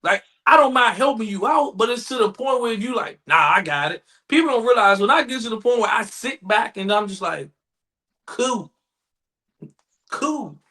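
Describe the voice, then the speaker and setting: Bright high-voiced man riffing on a podcast. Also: brisk, few pauses. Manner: preachy riffing, acts out imagined replies. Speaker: podcast co-host. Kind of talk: casual podcast chat.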